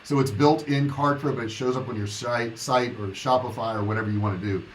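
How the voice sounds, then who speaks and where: A man's voice: mid-range voice, fairly even intonation, brisk, a little hiss or hum, rough recording. A man in his sixties, an online business coach, talking casually and bluntly on a livestream, encouraging viewers and answering their comments. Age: 60s. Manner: blunt, motivational, reads viewer comments aloud.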